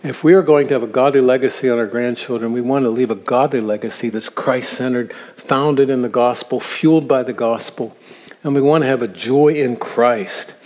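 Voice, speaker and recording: A man's voice: medium pitch, moderate pace, darkish tone. Older man preaching in a reverberant hall. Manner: earnest storytelling, chuckles at his own asides. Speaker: speaker at a church seminar for grandparents. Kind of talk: sermon-style teaching talk. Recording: long reverb of a large hall.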